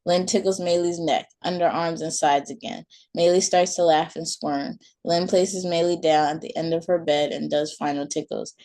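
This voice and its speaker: A woman reads her own short story aloud, soft and calm. Her voice is on the low side for a woman, with an unhurried, gentle delivery. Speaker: author and storyteller.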